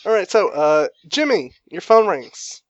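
Game master, male, higher-pitched, relaxed narration, dry dull lo-fi mic; brief: tabletop host voice. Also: measured pace, no echo.

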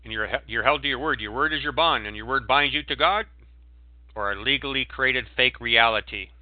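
A man giving a preachy, emphatic monologue as a guest on a call-in show, breaking into sudden loud outbursts. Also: mid-range voice, a little fast, dry recording. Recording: tinny phone line, dry.

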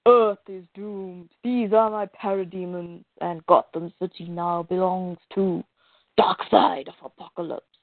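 A woman voicing a domineering male alien tyrant in a slow, commanding manner. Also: on the low side, fairly even intonation, dry recording. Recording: tinny phone-like dry sound.

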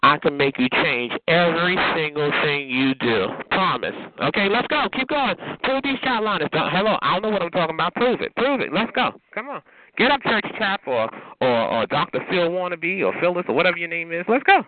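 A man's voice: on the high side, sing-song, fairly quick. A man taunting callers on a phone chatline with sassy, mocking, foul-mouthed banter, calling them honey and child. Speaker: chatline heckler. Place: on a phone call. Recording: noisy tinny phone line.

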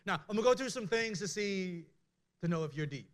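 A middle-aged man preaching a conversational sermon, candid and animated, with many restarts. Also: high voice, fairly quick.

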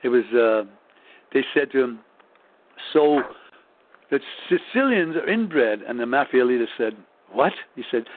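A man's voice: medium pitch, big pitch swings, measured pace, long pauses. A man rambling through a profane, casual story with lots of swearing and restarts. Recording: tinny phone-like audio.

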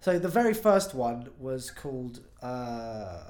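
A young man talking casually on a podcast about his life as a musician. He is chatty and swears freely, and he laughs easily. His voice sits at an ordinary middle pitch. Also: sing-song, takes it slowly, darkish tone. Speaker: musician guest.

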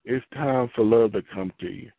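A man's voice: mid-range voice, normal speed, gravelly, dry recording. Preaching man on a tinny phone line. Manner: conversational, repeats phrases, rises into fervent prayer. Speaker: pastor. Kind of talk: preaching and prayer.

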